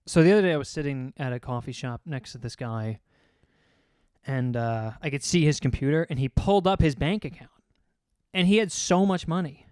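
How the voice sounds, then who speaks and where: A man's voice: medium pitch, expressive, fairly quick, a little mellow, smooth, no echo, studio quality. A young man co-hosting a podcast, telling rambling stories in casual chat, swearing often and acting out what people said. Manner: rambling storyteller, swears often, acts out quotes. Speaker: podcast co-host.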